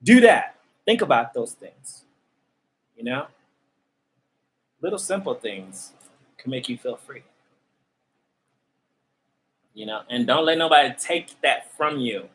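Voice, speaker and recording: A man's voice: mid-range voice, very animated, measured pace, pauses often, a bit bright, husky, rough recording. A man hosting a tarot channel who talks to his viewers in a loose, conversational spiritual rant, often laughing. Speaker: tarot reader and channel host.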